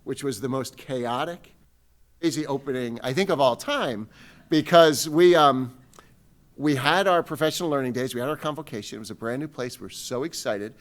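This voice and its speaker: A man's voice: medium pitch, moderate pace. Male superintendent, rambling welcome remarks, self-deprecating. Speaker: school superintendent. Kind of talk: welcome speech to parents.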